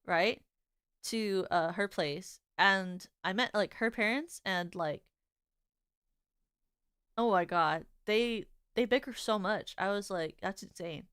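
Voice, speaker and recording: A young woman chats on her stream in an animated, giggly way, tripping over filler words and restarting her sentences. Her voice is smooth and resonant, with a dry, close sound and no room around it. Her pitch sits right in the middle for a woman. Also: slow, long pauses, no echo. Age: young adult. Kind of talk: casual chat.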